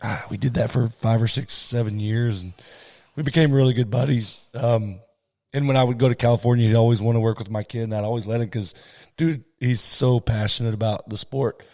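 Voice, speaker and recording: A hoarse man hosts a podcast, chatting eagerly with his guest and reacting warmly to the stories. His voice carries a long reverb that lingers after each phrase. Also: mid-range voice, steady tone, fairly quick. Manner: enthusiastic, chatty, says "that's awesome" often. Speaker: podcast host. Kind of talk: casual interview chat.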